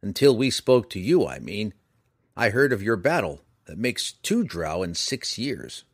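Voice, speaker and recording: Tavern patron read by a man, lively and eager, dry audiobook sound. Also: lowish voice, measured pace, no echo.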